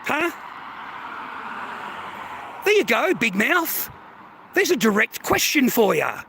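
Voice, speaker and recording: A man's voice: very high-pitched, sing-song, slow, gravelly, pushed and bright, a little hiss or hum. An Australian man hosting a livestream, delivering an aggressive, taunting rant full of swearing. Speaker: livestream host.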